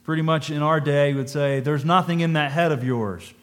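A man's voice: on the high side, a little fast. A man giving a conversational sermon, thinking aloud, asking his listeners questions and reading scripture in old-fashioned wording. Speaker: preacher.

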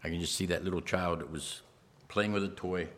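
A man's voice: sits low, steady tone, brisk. A man preaching a sermon, emphatic, repeating phrases and speaking straight to the congregation.

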